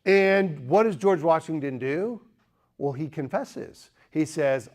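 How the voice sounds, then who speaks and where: A man's voice: on the high side, takes it slowly. Joking male lecturer. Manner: lively, joking, asks the audience questions. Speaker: speaker. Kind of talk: apologetics lecture.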